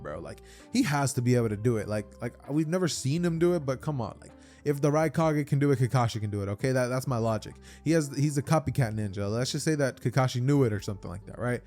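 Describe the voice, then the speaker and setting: A man narrating a fan-made story in a loose, slangy, chatty way, stumbling over and restarting his phrases. His voice is mellow and soft-edged, at an ordinary pitch, with faint music underneath. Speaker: YouTube storyteller. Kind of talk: casual fan-fiction retelling.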